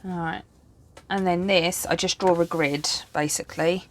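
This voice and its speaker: A tired, yawning woman in her thirties, a planner vlogger, rambles and chats in a self-deprecating way while setting up her planner at home. Her voice is fairly low and steady, at a normal speed, with slight background noise.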